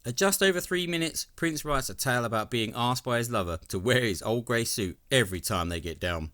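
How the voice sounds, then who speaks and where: A man's voice: medium pitch, lively intonation, fairly quick, few pauses, pushed and bright. A man giving scripted narration as a video essay host, with enthusiastic, wry commentary.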